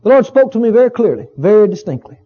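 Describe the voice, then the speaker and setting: A man's voice: high-pitched, big pitch swings, fast talker, breathy edge. A male pastor preaching a sermon in a folksy, emphatic way, often repeating his phrases for weight. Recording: dull lo-fi recording.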